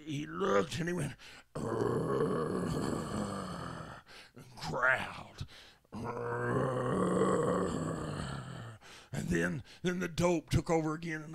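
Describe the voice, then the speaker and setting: A man preaching at a tent revival, telling a folksy story that builds to shouted commands. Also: fairly high pitch, moderate pace, creaky. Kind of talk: revival sermon testimony.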